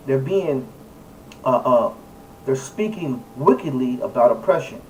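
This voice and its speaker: A man's voice: mid-range voice, expressive, a little slow. Emphatic man reading scripture, distant mic. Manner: emphatic, repeats key words, fillers between verses. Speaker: Bible study teacher. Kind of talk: reading scripture aloud with commentary. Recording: distant mic, faint background noise.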